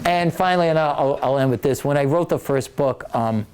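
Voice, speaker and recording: A man, an author, giving a casual, animated storytelling talk to an audience in a library, joking as he goes. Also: on the high side, normal speed, heavy background noise. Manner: animated, joking, acts out quoted voices. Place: public library meeting room.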